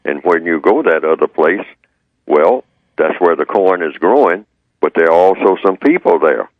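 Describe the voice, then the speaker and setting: A man, the guest on a radio show, explaining his ideas in a measured way and repeating his points. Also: low-pitched, no room sound, lo-fi sound. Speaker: guest speaker.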